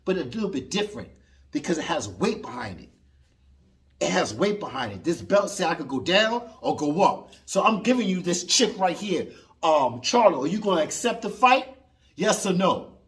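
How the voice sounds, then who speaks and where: A man in a heated vlog rant about the fight game. His pitch swings widely as he talks, rising and dropping for emphasis. He keeps arguing back at an imagined listener. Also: big pitch swings, moderate pace, fairly bright tone. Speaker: boxing commentator. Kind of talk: opinionated commentary.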